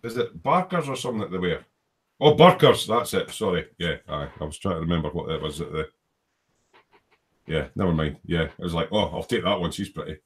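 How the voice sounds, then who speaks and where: Lively husky man hosting a chatty stream. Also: low voice. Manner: jokey, rambling, quick to laugh. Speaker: livestream host. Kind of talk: casual chat, reading out live comments. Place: home hobby workshop.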